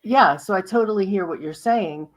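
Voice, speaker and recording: A woman's voice: mid-range voice, normal speed, a crowd in the background. A woman hosting an interview who chats and affirms her guest. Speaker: host. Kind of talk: conversational interview.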